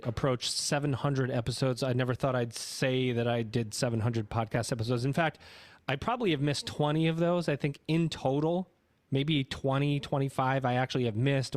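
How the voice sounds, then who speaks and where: A man's voice: mid-range voice, no echo. A man hosting an education podcast in a casual, rambling way, often correcting himself mid-sentence. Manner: rambling, self-correcting, chatty. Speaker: podcast host. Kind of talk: casual podcast intro and interview.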